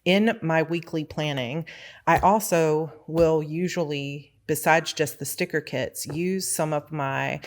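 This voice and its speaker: A woman author chatting casually as she shows her planner supplies, relaxed and rambling with small asides. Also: deep voice, slow pace. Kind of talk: casual chatty show-and-tell.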